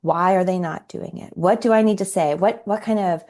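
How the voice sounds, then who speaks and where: A woman's voice: mid-range voice, moderate pace, dark tone. A woman in her forties, a parenting coach on a podcast, telling stories animatedly and acting out quoted dialogue. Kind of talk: podcast interview storytelling.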